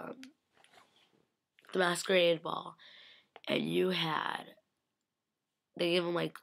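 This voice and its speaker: A young woman rambles through a fan-event story in a lowish, fry-heavy voice. She gushes and repeats "like" constantly, jumping into little impressions of the people she met. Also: fairly bright tone. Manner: acts out quotes in shifting voices. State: slightly sick. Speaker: vlogger. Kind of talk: casual recap of a fan convention.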